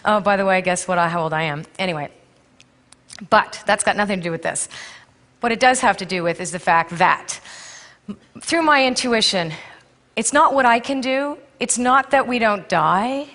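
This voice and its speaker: A woman's voice: mid-range voice, normal speed, a bit bright. A middle-aged woman giving a candid, storytelling conference talk to a live audience, laughing often as she speaks. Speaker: intuitive counselor and speaker. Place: stage in a large hall. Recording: long hall reverb.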